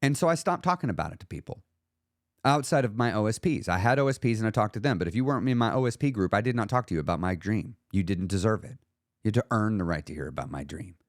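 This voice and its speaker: Male podcast host, lively emphatic delivery, dry close-mic sound. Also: on the low side, fast, no echo. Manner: animated, emphatic, acts out quoted voices. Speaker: podcast host and weight loss coach. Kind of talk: solo podcast monologue.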